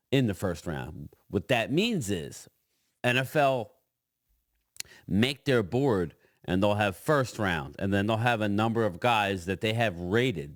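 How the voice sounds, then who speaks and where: A middle-aged man hosting a casual solo sports chat, talking in a loose, rambling way with frequent pauses and restarts. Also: lowish voice, dry recording, studio quality. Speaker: host.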